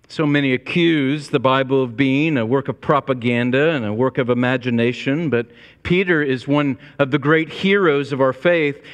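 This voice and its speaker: A man preaching a sermon to his congregation, earnest and storytelling, with a long church reverb. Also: on the high side. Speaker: pastor. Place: church sanctuary.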